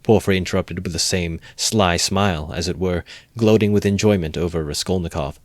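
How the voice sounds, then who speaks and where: A man calmly narrating an amateur audiobook reading of a classic novel. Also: sits low, fairly quick, dry recording.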